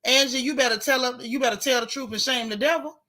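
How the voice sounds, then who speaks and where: Talking fast in a high-pitched voice, a woman reads out viewer comments during a casual live stream. She comes across as animated and outspoken, using emphatic repetition.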